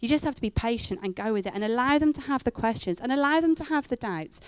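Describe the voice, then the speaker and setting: A middle-aged woman giving a church talk, telling stories with lively acted-out quotes. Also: fairly high pitch, fast, smooth, no echo. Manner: animated storytelling with acted-out quotes. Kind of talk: sermon.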